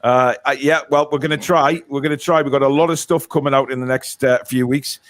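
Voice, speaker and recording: Hosting a casual live stream, a man reads viewer comments aloud in a chatty way full of fillers. His voice is medium-pitched, a bit bright and brisk with fairly even intonation, and the audio is studio quality with no echo.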